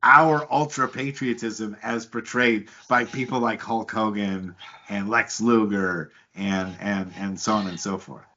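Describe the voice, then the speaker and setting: A man's voice: on the low side, steady tone, measured pace, pushed and bright, lo-fi sound, a little hiss or hum. A man from the United States hosting a podcast, talking at length, repeating words and winding up long questions for his guest. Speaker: podcast host. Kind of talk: casual interview chat.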